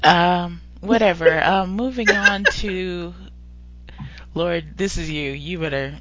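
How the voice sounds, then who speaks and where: A woman's voice: lowish voice, slow, over a noisy crowd. A woman co-hosting a casual celebrity chat, playful and slangy, slipping into whispered asides. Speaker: podcast co-host. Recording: dull lo-fi recording with hum.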